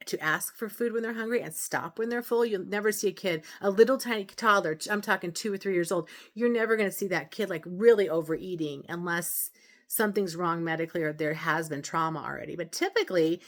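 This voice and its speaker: A woman speaks in a slightly low register as she hosts a self-help video. She talks to camera in a casual, earnest way. She explains patiently, often restarting a phrase or adding an aside. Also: a little fast. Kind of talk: casual advice talk to camera.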